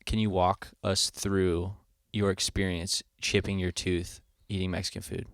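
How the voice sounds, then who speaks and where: Teasing man with a lowish voice. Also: little pitch movement, measured pace, creaky, dry recording, clean studio sound. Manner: teasing, joking interviewer. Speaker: podcast co-host, band member. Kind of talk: casual chat.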